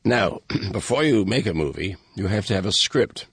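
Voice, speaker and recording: A man, the author, reading a measured introduction to his book with a dry, wry manner. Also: fairly low pitch, animated, husky, no room sound. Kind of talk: recorded introduction, read aloud.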